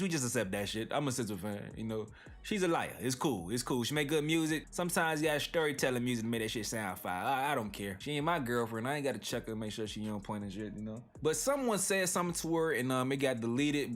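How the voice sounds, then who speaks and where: A man's voice: mid-range voice, a bit bright. Guy reading tweets n reacting, slangy, faint music behind. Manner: reads tweets aloud then reacts, slangy. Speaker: commentary channel host. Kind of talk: casual commentary reading tweets.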